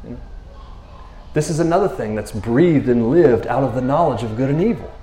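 A man's voice: medium pitch, brisk, reverberant. A man preaching a casual sermon in a loose, conversational way, laughing often and checking in with his listeners. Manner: conversational, animated, laughs often, keeps saying "you know what I mean".

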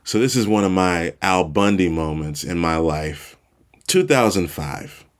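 This podcast host, a man from Chicago, USA, has a deep voice and a slow way of talking. His casual storytelling monologue is relaxed and self-deprecating, and he chuckles at himself.

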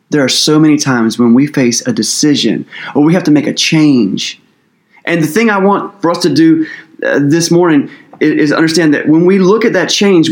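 A man with a somewhat high voice preaches a sermon to his church family. He talks casually and earnestly, with loose, conversational phrasing and many fillers. He sounds like a pastor talking things through rather than reading a script.

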